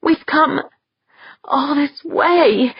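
A woman's voice: medium pitch, normal speed, slightly rough, no room sound, highs cut off, pitched above the performer's own voice, close to an everyday voice. A woman reading the part of a young woman in chest pain, short of breath. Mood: pained, urgent.

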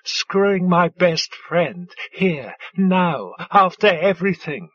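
A male narrator voicing a pregnant, grieving woman who screams hoarsely at her lover. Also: fairly low pitch, animated, slow, fairly bright tone, dry recording, dull audio, full character voice. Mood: furious. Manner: screaming, raw. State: hoarse, sobbing.

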